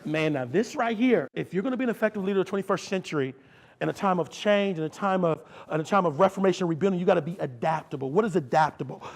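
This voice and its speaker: A man's voice: high voice, fast, gravelly. A man giving a motivational keynote speech, preacher-like, leading the crowd in call and response. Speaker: keynote speaker.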